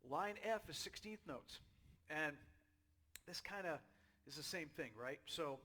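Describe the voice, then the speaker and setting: A man giving a casual drum lesson, chatty and relaxed, checking in with "okay?" and "right?" as he explains. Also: on the high side, measured pace. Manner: counts beats aloud loudly while drumming. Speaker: drum teacher. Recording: drum kit playing behind the voice.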